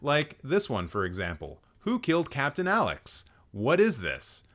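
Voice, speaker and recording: Blunt, sarcastic male streamer with lively pitch. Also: measured pace. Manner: blunt, sarcastic, swears freely. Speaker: host. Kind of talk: live-stream commentary.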